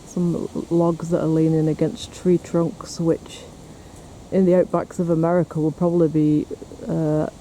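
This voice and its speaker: A man's voice: on the high side, level tone, unhurried, mellow. A man, chatting casually to camera as he explores woods for a paranormal vlog. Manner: chatty, teasing, talks to camera. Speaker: paranormal investigator vlogger. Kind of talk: casual outdoor vlog narration. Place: outdoors on a windy hill and in woods. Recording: faint wind and outdoor noise.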